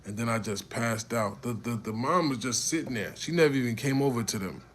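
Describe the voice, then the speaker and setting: A man casually telling a personal story to camera, animated and profane, restarting his sentences often. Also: mid-range voice, brisk, slight background noise.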